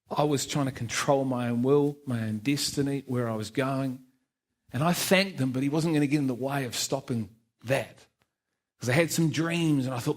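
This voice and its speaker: A middle-aged New Zealand man shares his testimony at a church service, speaking at a medium pitch, a little slowly, with frequent pauses. He tells it as a self-deprecating story, laughing often and acting out what the other people said.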